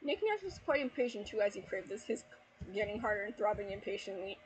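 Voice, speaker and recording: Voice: medium pitch, big pitch swings, quick pace, slight background noise, low-quality recording. A YouTuber reading a fanfiction aloud at home at night, breaking off into exasperated, heavily sworn commentary and laughter. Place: at home at night with family asleep.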